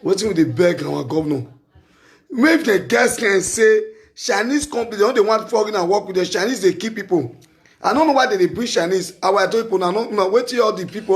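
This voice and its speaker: A man from Nigeria with a Nigerian Pidgin English accent, hosting a call-in talk show and making an impassioned, pleading appeal. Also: sits high.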